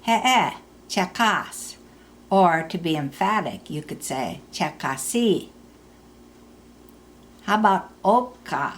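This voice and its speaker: Slow, careful woman teaching a language. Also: deep voice, lively intonation. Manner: slow, careful explanations with repeated example phrases. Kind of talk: recorded language lesson.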